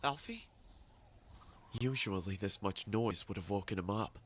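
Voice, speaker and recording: A young man narrating as a haunted figure recalling his brother's kidnapping, in a somber, hushed scripted narration. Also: lowish voice, a little slow, slight background noise, natural voice. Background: music.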